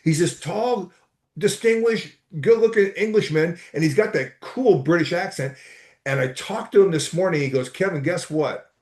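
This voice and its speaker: A man's voice: high voice, normal speed, darkish tone. Eager rambling man, roomy echo. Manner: enthusiastic, rambling with restarts. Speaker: podcast guest, entrepreneur. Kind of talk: casual storytelling chat. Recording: echoey room.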